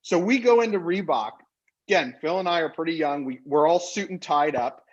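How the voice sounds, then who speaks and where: A man with a somewhat high speaking voice tells a business anecdote in a lively, animated way. He slips into the voices of the people he quotes and tosses in quick asides. The audio is slightly dull and lo-fi. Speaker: podcast guest, company co-founder. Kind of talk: casual anecdotal storytelling.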